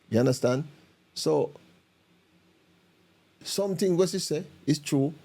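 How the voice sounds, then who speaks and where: A man with a Jamaican accent reacting to video clips in casual commentary, talking in animated, repetitive patois with many restarts. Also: mid-range voice, unhurried, pauses often, husky.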